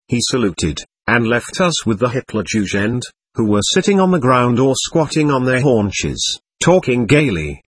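Husky male audiobook narrator. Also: medium pitch, expressive, a little slow, no echo. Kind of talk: scripted first-person narration.

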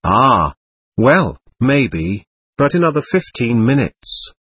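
A man's voice: mid-range voice, sing-song, slow pace, a bit bright, husky, dry recording, exaggerated voice. A man playing an impatient, brusque army lieutenant. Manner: brusque and contemptuous.

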